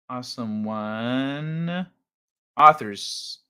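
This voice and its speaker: A man's voice: on the high side, lively intonation, moderate pace, bright, forceful tone. A man hosting a casual livestream from home on a desk mic, reading chat aloud and joking crudely, rambling with restarts. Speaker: livestream host. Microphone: desk microphone.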